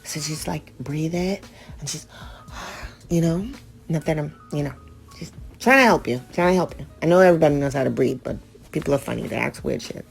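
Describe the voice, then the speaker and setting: A woman's voice: sits low, expressive, fast, creaky, faint music behind. A woman hosting a radio show, reading out ritual steps and breaking off for blunt, profane, joking asides.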